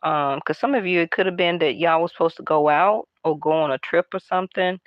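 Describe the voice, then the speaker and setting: A woman doing a casual tarot card reading, talking in a hushed, half-whispered, chatty way to her viewers. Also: on the low side, fairly quick, dry recording, highs cut off. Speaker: tarot reader.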